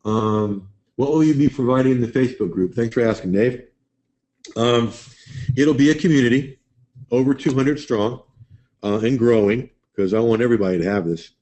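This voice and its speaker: A man's voice: medium pitch, normal speed, mellow. A man hosting a live webinar, chatting loosely and answering viewers' questions by name. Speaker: webinar host.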